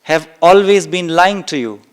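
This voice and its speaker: A man's voice: sits high, lively intonation, measured pace. A man giving a spiritual talk to a live and online audience. He speaks with emphasis, repeats key phrases and acts out exclamations. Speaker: spiritual teacher.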